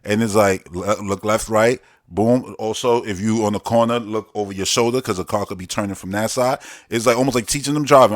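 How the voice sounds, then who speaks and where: A man hosting a podcast, ranting casually and jokingly, swinging between loud outbursts and low, quiet asides. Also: a little fast, few pauses, dry recording, studio quality. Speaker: podcast host. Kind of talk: casual commentary rant.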